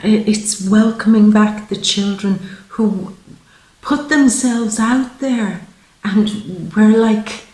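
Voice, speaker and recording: A woman's voice: medium pitch, a little mellow, roomy sound, rough recording. A woman giving a monthly tarot reading, speaking in a heartfelt, spiritual way. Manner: slow, heartfelt, spiritual talk. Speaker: tarot reader.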